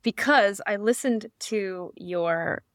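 A woman's voice: mid-range voice, slow pace, no echo, studio quality. A woman from Canada, guest co-host on a podcast, telling a story in casual chat and acting out the lines she quotes. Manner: animated storyteller, acts out loud quoted exclamations.

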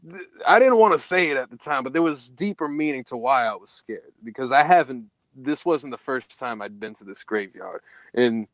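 A young man casually telling a spooky story, swearing a lot and jumping to a high voice when he quotes himself. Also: dry recording. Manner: profane, animated, voice jumps high when quoting himself.

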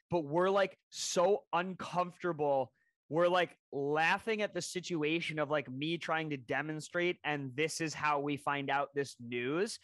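A man in his twenties co-hosting a podcast, telling stories in casual chat, animated and full of swearing. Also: on the high side, no room sound. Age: 20s. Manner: animated storytelling, heavy swearing. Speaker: podcast co-host.

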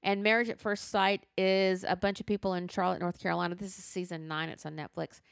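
Woman podcast host, casual chat, frank and animated; low-ish voice with fry, clean dry recording. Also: fairly quick, dry recording. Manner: animated, frank, uses y'all and slang. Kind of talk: casual chat, recommending shows.

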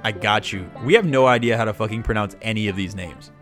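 A man's voice: lowish voice, fast, a bit bright, faint music behind. A young man co-hosting a casual podcast chat, laughing often and swearing casually. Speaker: podcast co-host.

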